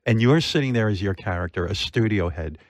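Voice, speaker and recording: A man's voice: on the low side, expressive, fairly quick, no room sound, clean studio sound. A man hosting a casual interview, rambling and swearing freely as he praises a show. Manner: rambling, profane, lots of fillers and restarts. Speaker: host.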